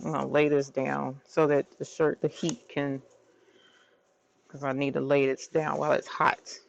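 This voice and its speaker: Gravelly-voiced woman crafter. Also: deep voice, normal speed, slight background noise. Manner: bubbly and excitable, squeals and laughs. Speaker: crafting channel host. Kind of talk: casual live craft stream. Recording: dull, slightly lo-fi sound.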